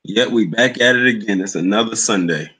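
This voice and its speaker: A man's voice: fairly low pitch, a little fast, sharp tone, breathy edge, poor audio. A young man hosting a livestream, chatting loosely and greeting commenters by name. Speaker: livestream host. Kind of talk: casual live chat with viewers.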